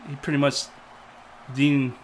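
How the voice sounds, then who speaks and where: A man's voice: mid-range voice, level tone, unhurried. Rambling man reviewing a show. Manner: rambling, hesitant with many fillers. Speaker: podcast co-host. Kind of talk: casual review chat.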